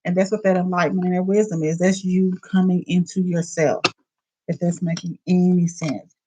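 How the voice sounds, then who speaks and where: A woman's voice: on the low side, fairly even intonation, moderate pace, noisy background. A woman with a Southern US accent giving a live oracle card reading in a casual, chatty way, full of fillers. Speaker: tarot reader.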